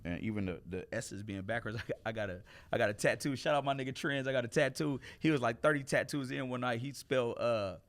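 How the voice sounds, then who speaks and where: A man, a comedian, telling stories in a casual interview, animated and laughing, shouting at punchlines and dropping low and quiet when reflective. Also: fast talker, few pauses. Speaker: comedian guest.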